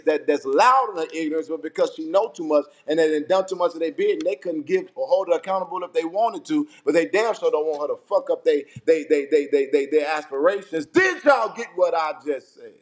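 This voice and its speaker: A man's voice: fairly high pitch, brisk, few pauses. Man, angry political rant, swears a lot, repeats lines to drive points home. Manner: heated, profane, repeats himself for emphasis. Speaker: political commentator.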